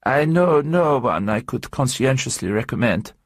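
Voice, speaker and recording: A stiff, sullen German woman near forty speaks in curt, stern phrases, as a male reader puts her on. The voice is raised well above the reader's own. It keeps a slightly husky edge. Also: medium pitch, lively intonation, moderate pace, dry recording, clean studio sound, voice pushed up.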